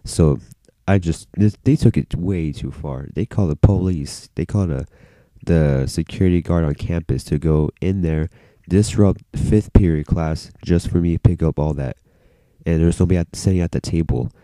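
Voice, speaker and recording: Deep, dark-voiced male storyteller. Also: normal speed, no room sound. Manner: rambling, many "like"s, swears freely. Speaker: vlogger. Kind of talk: casual storytime vlog.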